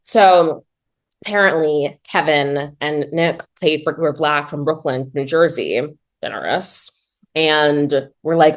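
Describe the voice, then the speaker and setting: A woman giving a casual comedic movie recap, talking in a chatty, animated way with lots of "like" and dry low asides. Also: takes it slowly. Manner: chatty and animated, heavy use of "like"; swings between excited high pitch and low deadpan asides.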